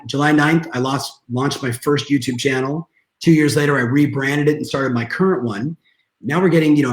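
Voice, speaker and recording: A man, a guest coach, telling a story in an energetic, emphatic way over a video call. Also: medium pitch, reverberant. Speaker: guest real estate coach.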